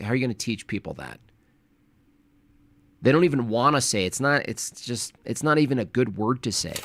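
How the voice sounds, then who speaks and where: A man's voice: medium pitch, expressive, moderate pace, fairly bright tone, dry recording. A man hosting a live stream, reacting to a debate clip in casual chat with a mocking, sarcastic manner.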